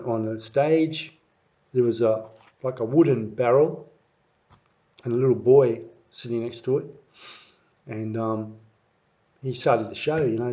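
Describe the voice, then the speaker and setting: A man telling a family story in a rambling, halting way, full of fillers and restarts, livening up when he mimics the crowd. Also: medium pitch. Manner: lively when acting out crowd voices. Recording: muffled lo-fi recording.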